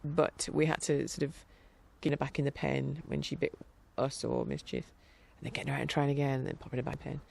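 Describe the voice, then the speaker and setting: Chatty woman with a gravelly edge. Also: a bass voice, little pitch movement, fast, hardly any pauses, a little mellow. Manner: chatty, meandering, with frequent restarts and laughs. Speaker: podcast host. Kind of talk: casual rambling monologue.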